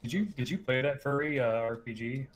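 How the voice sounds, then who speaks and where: A man chatting casually about video games, relaxed and asking questions. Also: mid-range voice, brisk. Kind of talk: casual gaming chat.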